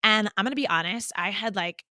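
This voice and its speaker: A woman's voice: mid-range voice, fairly quick, bright, forceful tone, dry recording, studio quality. A woman in her thirties hosting a casual podcast interview, chatty and enthusiastic, with plenty of fillers. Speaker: podcast host.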